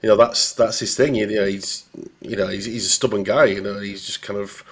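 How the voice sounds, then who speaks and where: A man's voice: lowish voice, steady tone, a little fast. A man with a Northern English accent, a football journalist chatting casually on a podcast, rambling with many restarts. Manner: rambling, full of restarts and "you know".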